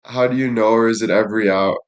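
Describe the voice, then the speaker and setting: A man's voice: on the low side, fairly even intonation, quick pace, reverberant. A young man livestreaming, chatting casually in a rambling, profane, laid-back way.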